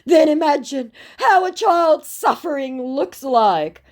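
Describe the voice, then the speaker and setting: A woman's voice: sits high, expressive, takes it slowly, darkish tone, pitched above the performer's own voice. A woman doing a sulky teenage boy scammer. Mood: pleading. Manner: sulky, guilt-tripping, drawn out. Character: whiny teenage male online scammer.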